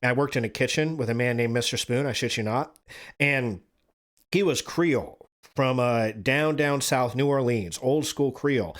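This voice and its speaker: A man's voice: medium pitch, moderate pace. A man hosting a podcast who reads articles aloud, then drifts into rambling, profane asides and corrects himself as he goes. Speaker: podcast host. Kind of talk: reading articles aloud and riffing casually.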